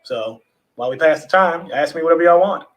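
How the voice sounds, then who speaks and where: A relaxed, chatty man hosts a livestream from home over a video call. His voice sits a little high, and he talks loosely to his viewers, dropping the odd swear word. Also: a little fast, rough recording. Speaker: livestream host. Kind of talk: casual livestream chat.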